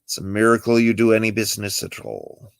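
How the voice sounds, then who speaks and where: A man voicing a dry-witted exiled Jedi master with a sardonic, lively delivery. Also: on the low side, a little fast, creaky, clear, resonant tone, no room sound. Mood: wry. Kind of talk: amateur script read-through.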